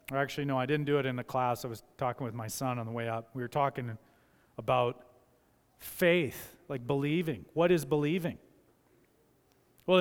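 A man preaching a sermon in a church, his voice high for a man and smooth and resonant. He is emphatic, drops to quiet asides, then rises loud while acting out the voices he quotes. The sanctuary adds a long, trailing reverb. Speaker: pastor.

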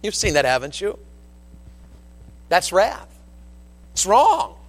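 A man preaching a sermon from the pulpit, telling folksy stories in an animated, down-home way. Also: sits high, takes it slowly, big-room sound. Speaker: pastor. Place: church sanctuary with long reverb. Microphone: pulpit microphone.

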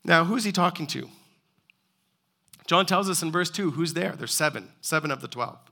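A man's voice: on the high side, expressive, moderate pace, creaky, sharp tone. A male pastor preaching a sermon, earnest and pleading, with repeated rhetorical questions.

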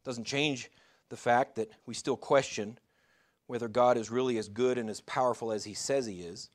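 This pastor speaks at a medium pitch and moderate pace, with fairly even intonation. Preaching in a conversational way, he puts rhetorical questions to his listeners and now and then stumbles and restarts.

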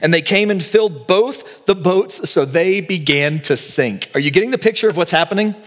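A man's voice: high-pitched, moderate pace, big-room sound. A man preaching a sermon, telling a story with animation and acting out the voices he quotes. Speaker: pastor.

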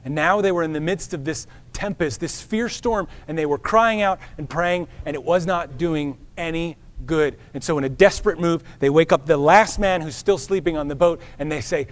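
Earnest male preacher, slightly higher voice. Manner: earnest preaching with dramatic pauses, slowing on key words. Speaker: pastor. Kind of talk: sermon.

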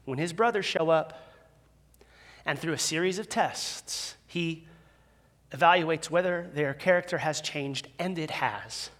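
A man preaching a sermon as a pastor in a church, conversational and animated, with self-deprecating humor. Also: a little high, unhurried. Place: church sanctuary with a live audience. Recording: long reverb of a large hall.

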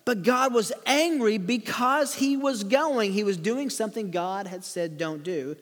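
A man reading and explaining a Bible story to children, with animated storytelling and light chuckles. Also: sits high, measured pace, in a large hall. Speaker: preacher teaching children. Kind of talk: Bible lesson for kids, read-aloud with commentary.

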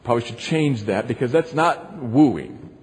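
A man's voice: medium pitch, lively intonation, a little slow, darkish tone. A male pastor preaching an earnest sermon, repeating phrases, in a long echoing hall.

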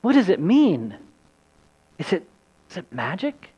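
A man's voice: high voice, wildly swooping pitch, unhurried, warm tone, slightly rough, dull audio, heavily acted. A man voicing an anxious, questioning young girl while reading a story in a sermon. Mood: worried. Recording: long hall reverb.

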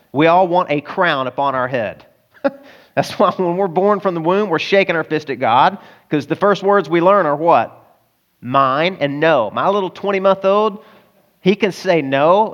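A man's voice: on the high side, lo-fi sound. A man with a Southern American accent preaching a sermon in a conversational, emphatic style full of rhetorical questions. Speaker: pastor.

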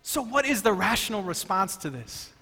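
A man preaching a sermon as pastor, emphatic and excitable, often stumbling over his words as he restarts. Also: high-pitched, moderate pace, slightly rough. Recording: long hall reverb.

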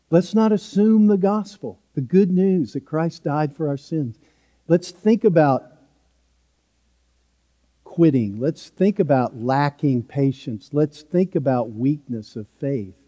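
A man's voice: medium pitch, dark tone, in a large hall. A man preaching a sermon as pastor, earnest and emphatic, driving points home with repeated short phrases.

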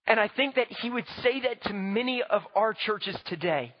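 A man's voice: high-pitched, expressive, moderate pace, hardly any pauses, highs cut off. A male pastor preaching a sermon to his congregation in a church, talking emphatically and conversationally.

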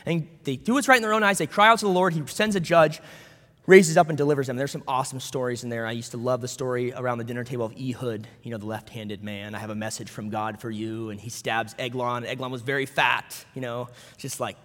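A man's voice: mid-range voice, fairly even intonation, fast, a bit bright, in a large hall. A man pastor preaching a sermon in a conversational way, with storytelling asides.

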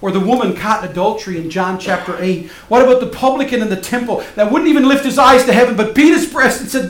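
A male pastor preaching a sermon, swinging from loud emphatic passages to soft hushed ones. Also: high-pitched, quick pace, few pauses, roomy sound.

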